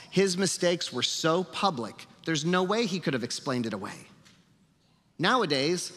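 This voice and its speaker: A man preaching a sermon as pastor, animated, acting out quotes with sarcastic asides. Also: on the high side. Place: church sanctuary. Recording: long reverb of a church hall.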